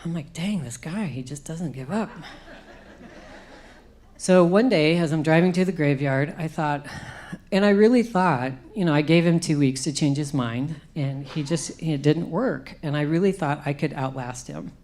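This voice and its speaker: Low-voiced woman telling her testimony. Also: moderate pace, darkish tone. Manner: emotional storytelling, acts out her own past speech. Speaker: conference speaker. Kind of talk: personal testimony.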